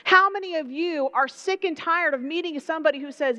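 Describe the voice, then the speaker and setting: High-voiced Southern woman preaching a sermon. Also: fairly quick. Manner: animated, conversational preaching with playful asides. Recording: dull lo-fi sound.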